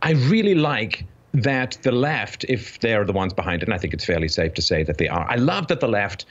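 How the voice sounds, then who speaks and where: A man with a fairly low voice talks in a wry, articulate way as a talk show guest. His voice comes through a dull, lo-fi remote line that takes the sparkle off it. He builds his points with a dry storyteller's ease. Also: big pitch swings, brisk, fairly bright tone. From Ireland, raised in Canada. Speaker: guest commentator. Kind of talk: casual talk show conversation.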